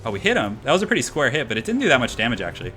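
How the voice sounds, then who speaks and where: A young man streaming a strategy game, commentating in a chatty, excitable, slangy way, tired and a little out of breath. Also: mid-range voice, very fast. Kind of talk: casual live-stream commentary.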